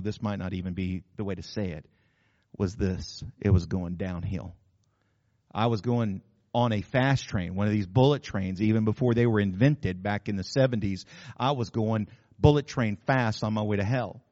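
A man's voice: medium pitch, in a large hall, dull audio. An older man, preaching a sermon as pastor in an emphatic, repetitive, folksy way. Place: church.

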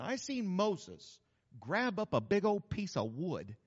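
A man from New Mexico, a pastor preaching a sermon in a folksy, humorous, animated storytelling manner. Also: sits high, moderate pace. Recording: reverberant hall, slightly dull sound.

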